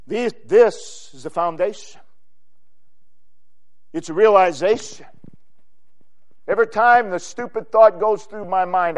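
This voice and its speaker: A man preaching a sermon, emphatic, swinging between loud exclamations and quiet low phrases. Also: expressive, measured pace, pauses often.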